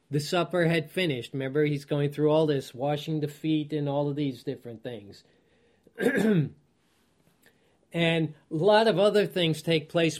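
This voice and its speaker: A man teaching a Bible study, reading scripture aloud and then explaining it, often chuckling and checking in with his listeners. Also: a little high. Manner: asks listeners rhetorical check-in questions.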